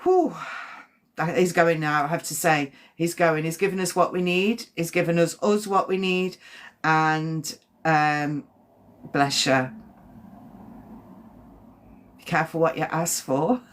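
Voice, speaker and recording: A woman with a slightly low voice speaks as a medium on a live stream. She talks haltingly, circling back over her own words, gentle and reassuring in tone. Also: fairly even intonation. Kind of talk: live-stream spirit reading.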